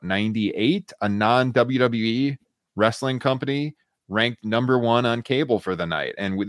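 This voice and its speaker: A man hosting a podcast, laying out numbers and news in a steady, casual way on a close studio mic. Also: on the low side, no echo. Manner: steady, fact-heavy, quick asides. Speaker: podcast host.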